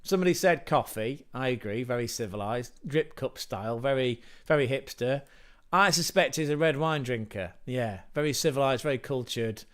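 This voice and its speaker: Guy rambling on a livestream, chatty, jokey asides, swears now and then, middle-pitched. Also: normal speed. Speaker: livestream host. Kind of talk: casual livestream chat.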